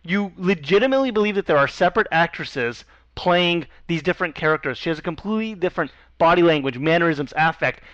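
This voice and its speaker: A man's voice: a little high, animated, fast, fairly bright tone, dry recording. Articulate man, dull dry recording. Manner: fluent, explains in long sentences. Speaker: podcast co-host. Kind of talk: casual chat about TV and movies.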